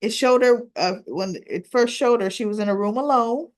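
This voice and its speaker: A woman's voice: a little high, normal speed. A woman casually recapping a soap opera episode, retelling the scenes line by line with lots of "she goes" and "right?".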